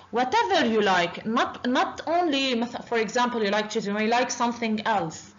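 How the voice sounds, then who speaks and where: Woman teacher going over basics slowly, lots of uhs, bit dull lo-fi sound. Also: on the high side, animated, slight background noise. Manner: slow and deliberate, with many drawn-out uhs. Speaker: Arabic teacher. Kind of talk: online language lesson.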